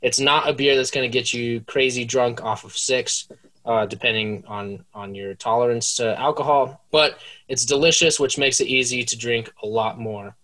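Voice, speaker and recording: Deliberate man reviewing beer. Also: mid-range voice, steady tone, pushed and bright. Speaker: podcast co-host. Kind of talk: casual beer review chat.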